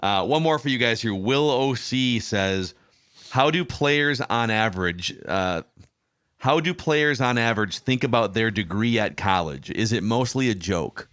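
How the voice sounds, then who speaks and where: A man's voice: medium pitch, animated, unhurried, a bit bright, no echo. Man hosting a podcast, dry sound. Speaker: podcast host. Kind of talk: casual chat, reading listener questions.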